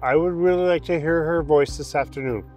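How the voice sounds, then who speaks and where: A man's voice: a little high, fairly quick, darkish tone, faint music behind. A man appearing as a guest on the show, speaking hesitantly with frequent stammers.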